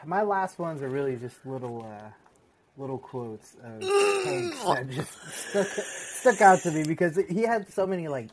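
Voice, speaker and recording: A man's voice: a little high, sing-song, measured pace, noisy background. A man who is a podcast guest, retelling movie scenes with lots of laughter. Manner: laughing storyteller. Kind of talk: casual chat.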